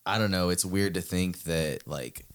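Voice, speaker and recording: A man's voice: deep voice, measured pace. A young man in casual chat, joking and swearing, often trailing off mid-thought. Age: 20s.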